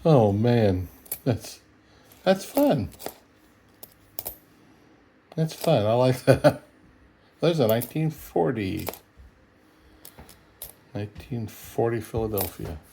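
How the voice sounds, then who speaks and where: Slow, mellow-voiced folksy man. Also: mid-range voice, lively intonation, gravelly, slight background noise. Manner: chuckling, easygoing, folksy, thinks aloud. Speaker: coin roll hunter. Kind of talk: casual solo video commentary.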